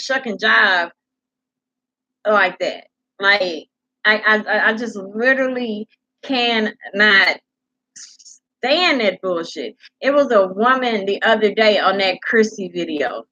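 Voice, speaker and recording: Woman livestream host, blunt and profane, bright voice, dull lo-fi audio. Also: mid-range voice. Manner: blunt, profane, animated ranting. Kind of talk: casual livestream commentary.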